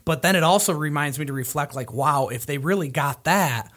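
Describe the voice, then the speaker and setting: A man's voice: fairly high pitch, a little fast, a bit bright. A man hosting a casual conversation, earnest and reflective, with frequent fillers. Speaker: podcast host.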